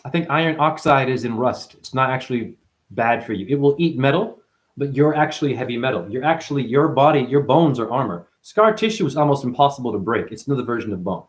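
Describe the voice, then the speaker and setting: A man in chronic pain delivering a rambling, free-associating spiritual monologue, swearing often and swinging between loud outbursts and low mutters. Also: expressive, fast. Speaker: spiritual talker.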